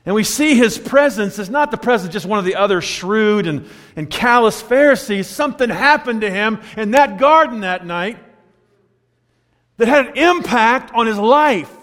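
A high-voiced male preacher delivering a sermon with a very lively, swooping delivery. He acts out the people in his stories as he goes. His voice rings with a long hall reverb. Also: moderate pace. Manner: animated storytelling, acting out quoted voices.

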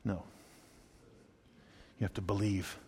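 A man preaching a sermon as pastor, conversational and wry, with animated asides. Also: fairly low pitch, slow, breathy edge, in a large hall.

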